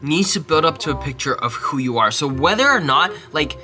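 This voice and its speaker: This is a young man from Texas with a slightly high voice that has a sharp, bright edge. He talks to camera in an animated, self-mocking way and often mutters asides under his breath. Faint music plays behind him. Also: fairly quick. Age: young adult. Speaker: college student giving essay advice. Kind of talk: casual advice vlog.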